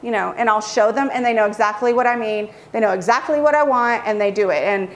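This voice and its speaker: A woman photographer giving a casual tutorial, chatty and lively as she acts out how kids react. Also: a little high, fast talker. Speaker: children's portrait photographer.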